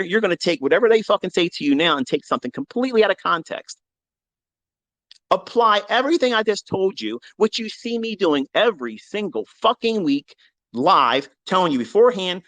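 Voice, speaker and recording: A middle-aged man giving a heated, profane monologue on a live audio chat, combative and defiant, his voice dropping low and then bursting out loud. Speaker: trading educator.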